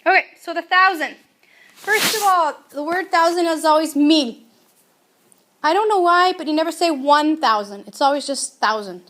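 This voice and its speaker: A woman teaching a grammar lesson, speaking clearly and deliberately and drilling her students to repeat words. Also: high voice, animated, a bit bright, slight background noise. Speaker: Spanish teacher.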